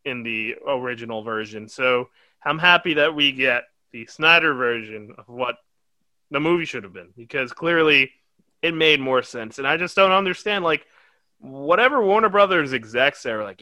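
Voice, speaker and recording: A man co-hosting a casual film review podcast, animated and rambling, swearing often. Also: mid-range voice, normal speed, no echo. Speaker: podcast co-host.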